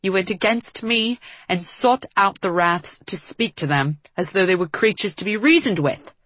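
A woman's voice: mid-range voice, lively intonation, normal speed, fairly bright tone, dry recording. A woman voicing a commanding, short-tempered young man who speaks in a strained, accusing way.

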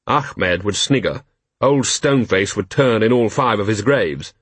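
Husky, expressive male audiobook narrator. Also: lowish voice, unhurried, no room sound. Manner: expressive, wry storytelling.

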